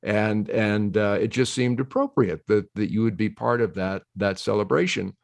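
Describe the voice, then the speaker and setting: An older man, a guest on a conversation show, telling stories in a lively way, acting out quoted voices and laughing easily. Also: fairly low pitch, moderate pace, creaky, no room sound. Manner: animated storyteller who slips into quoted voices. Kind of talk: casual conversation.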